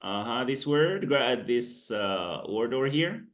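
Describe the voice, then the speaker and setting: A man's voice: medium pitch, expressive, measured pace. A man tutoring English over a video call, praising and correcting pronunciation. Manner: encouraging, corrects pronunciation, mixes in French and Darija. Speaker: English teacher. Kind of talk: online tutoring lesson.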